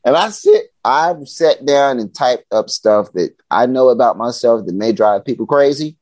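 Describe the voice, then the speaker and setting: With a mid-range voice and moderate pace, this podcast guest from Chicago, USA, swaps stories in relaxed conversation. There's no room sound; he's lively, a little profane, and plays out quoted dialogue.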